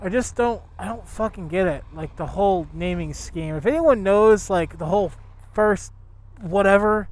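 A man vlogging from his motorcycle on a highway, talking to his viewers with excitable, profane commentary. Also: normal speed. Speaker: motovlogger. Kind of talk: casual ranting commentary while riding. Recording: loud wind and traffic noise from riding.

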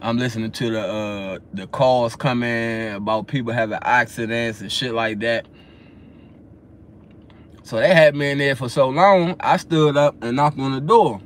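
A young man casually telling a story straight to his viewers, animated and full of slang, acting out his own replies as he goes. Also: medium pitch, moderate pace, a little hiss or hum. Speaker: vlogger telling a personal story.

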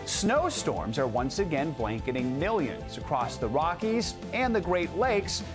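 A man anchoring a morning news broadcast with lively delivery and light joking banter. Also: high-pitched. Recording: studio voice over theme music.

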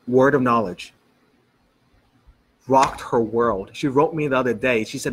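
A man's voice: mid-range voice, normal speed, pauses often, husky. A male pastor preaching a sermon in a church, telling stories and acting out what people said. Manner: animated storytelling, quoting people in dialogue.

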